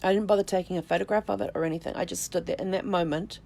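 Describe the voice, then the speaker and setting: A middle-aged woman hosting her own vlog, telling a personal story in a reflective, unhurried way, with halting restarts and soft "um"s. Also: lowish voice, fairly even intonation, gravelly. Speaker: vlog host, family tree researcher.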